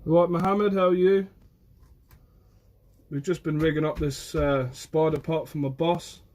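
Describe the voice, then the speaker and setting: A man's voice: on the high side, steady tone, a little slow, a little mellow. Chatty fisherman streaming live by phone. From Guernsey. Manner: chatty, answers viewers' comments by name. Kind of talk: casual live stream chat. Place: outdoors by the shore.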